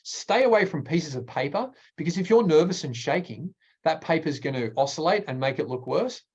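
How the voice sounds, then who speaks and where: A man, a speaking coach presenting a workshop in an energetic, emphatic way with deliberate pauses. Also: breathy edge, lo-fi sound. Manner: energetic, emphatic, varies pitch widely.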